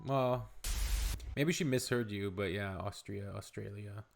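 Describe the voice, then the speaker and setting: A man's voice: on the low side, measured pace, vocal fry, over loud music. A man from Canada hosting a casual reaction video, making offhand and self-deprecating comments between clips.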